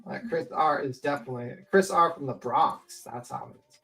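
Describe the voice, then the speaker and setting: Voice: mid-range voice, fairly quick, a bit bright, low-quality recording. Livestream panelist, casual commentary, profane, rambling, filler words. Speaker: panel guest.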